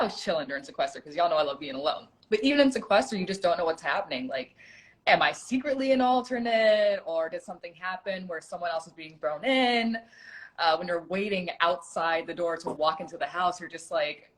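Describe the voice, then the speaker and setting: Chatty woman with a low voice. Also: animated, fairly quick. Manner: chatty, self-deprecating, laughs easily. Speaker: host, former reality show contestant. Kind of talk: casual livestream chat. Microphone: phone or laptop on a video call.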